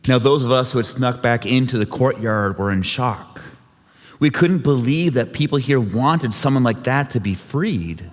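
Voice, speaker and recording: A man tells a scripture story to a church congregation, lightly voicing each character as he goes. His voice sits at a middle pitch. The sound rings with the long reverb of a large sanctuary. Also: animated, moderate pace. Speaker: worship leader. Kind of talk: dramatic scripture retelling.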